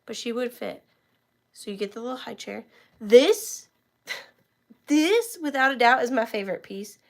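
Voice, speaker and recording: Her voice is on the high side and expressive, measured in pace with frequent pauses. She's a reseller with a sore throat from talking, hosting a live auction stream from home and chatting with viewers by name as she displays each piece.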